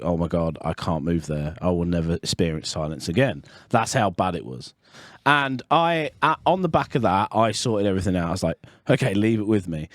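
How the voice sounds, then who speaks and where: A man's voice: sits low, no room sound, clean studio sound. A man co-hosting a podcast, telling rambling personal stories in casual chat. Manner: chatty, rambling storyteller with restarts. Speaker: podcast co-host.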